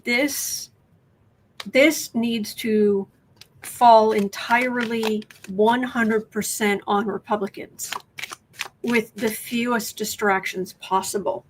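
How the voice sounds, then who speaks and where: Woman rambling on her tarot livestream, a bit high voice, faint hiss behind, lots of restarts. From United States. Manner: chatty, restarts and thinks aloud. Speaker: tarot reader and livestream host. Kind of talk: casual livestream chat, reading viewer questions. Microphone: webcam.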